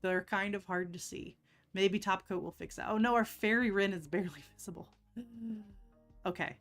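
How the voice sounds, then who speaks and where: A woman's voice: medium pitch, moderate pace, a bit bright, soft background music. A woman chatting casually on a live stream while doing nail art, laughing often and teasing herself.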